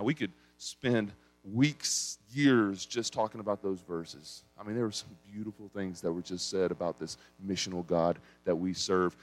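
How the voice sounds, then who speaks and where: A young adult man from East Tennessee with an East Tennessee accent, preaching a sermon and telling a story with big swings in pitch and volume. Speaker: pastor.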